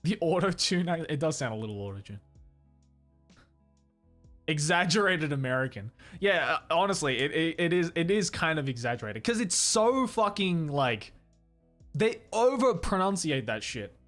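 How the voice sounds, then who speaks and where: Animated Australian man chatting with his stream. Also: a little high, normal speed, faint music behind. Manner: animated, swears a lot, laughs often. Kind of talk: casual chat. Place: studio, indoors.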